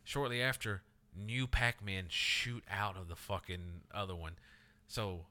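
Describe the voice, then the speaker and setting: A man's voice: on the low side, a little slow, bright, forceful tone. A young man co-hosting a podcast, telling stories casually and swearing freely. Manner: storytelling, swearing, acts out quoted voices. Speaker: podcast co-host. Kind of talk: casual chat.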